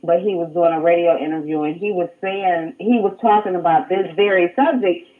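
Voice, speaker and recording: A woman co-hosting a live radio stream, telling stories in a lively colloquial way and repeating points for emphasis. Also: fairly low pitch, fairly quick. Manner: animated storyteller, colloquial, repeats herself for emphasis. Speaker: radio show co-host. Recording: phone-like narrow sound.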